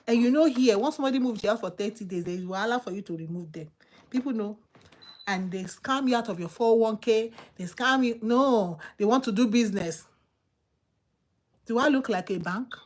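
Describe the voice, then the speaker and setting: A woman with a Nigerian accent, hosting a channel and giving casual, emphatic advice that she repeats for effect. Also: a little high. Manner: emphatic, repetitive, preachy. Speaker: channel host.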